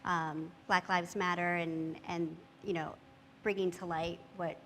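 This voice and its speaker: A woman speaking as a panelist in a thoughtful, measured way with frequent fillers. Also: lowish voice, level tone, a bit bright. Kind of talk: panel discussion talk. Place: church hall. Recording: long hall reverb, faint noise.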